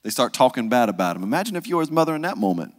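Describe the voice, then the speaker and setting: A male pastor, preaching a conversational sermon and dropping to a hush for the solemn parts. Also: mid-range voice, big pitch swings, rapid-fire, long reverb tail. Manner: conversational preaching, acts out quoted voices, drops to hushed tones.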